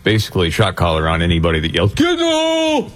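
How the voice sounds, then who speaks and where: A man co-hosting a radio talk show, joking and briskly steering the segments. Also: sits low, fairly even intonation, a bit bright. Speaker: radio co-host. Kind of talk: casual radio banter.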